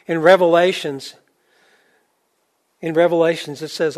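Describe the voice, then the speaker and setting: A man's voice: normal speed, pauses often. Man preaching a sermon, rising and falling. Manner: rising to emphatic peaks, then dropping low and soft; conversational, with fillers and restarts. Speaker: pastor.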